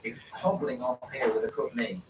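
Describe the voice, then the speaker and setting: A man's voice: medium pitch, normal speed. A man hosting a casual live watchalong, rambling through his thoughts and reading viewer questions aloud before answering them. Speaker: live-stream host. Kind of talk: casual match watchalong chat. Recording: distant mic with steady background noise.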